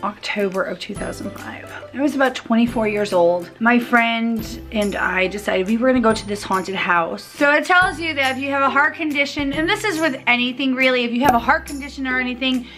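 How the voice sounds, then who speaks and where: Woman, 30s, vlogger, casual storytelling, animated, acts out quotes, slightly high pitch, faint music behind. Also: brisk, hardly any pauses.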